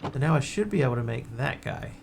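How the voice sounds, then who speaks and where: A man's voice: mid-range voice, animated, fast, creaky, background noise. A man streaming a game, chatting casually in a rambling, wry way. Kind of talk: casual gameplay chat.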